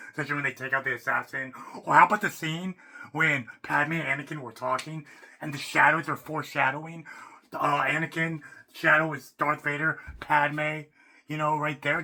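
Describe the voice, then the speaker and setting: A man ranting off the cuff as a fan, rambling and excitable, restarting sentences and swearing casually. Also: a little high, normal speed. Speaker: YouTuber. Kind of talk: unscripted fan rant.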